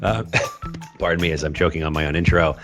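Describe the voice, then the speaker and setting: Very deep-voiced man hosting a podcast. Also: racing, faint music behind. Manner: relaxed and joking, with frequent fillers. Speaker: podcast host. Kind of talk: casual podcast chat.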